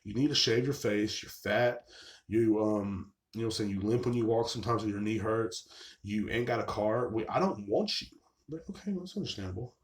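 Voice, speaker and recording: A man's voice: on the low side, normal speed. A man hosting his own show, venting in a casual, rambling, sarcastic monologue full of profanity. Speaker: show host.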